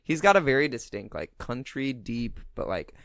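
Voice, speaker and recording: Young male podcast co-host, jokey and rambling, middle pitch, dry recording. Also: sing-song, normal speed, vocal fry, fairly bright tone, no room sound. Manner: joking, rambling, drops into silly impressions. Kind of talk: casual chat.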